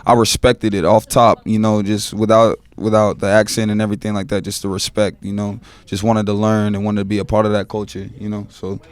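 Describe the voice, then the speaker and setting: A man's voice: lowish voice, completely flat delivery, fairly quick, hardly any pauses, smooth. A young man from Los Angeles, a rapper guest in a casual podcast interview, talking in a laid-back way with street slang and frequent "you know" tags.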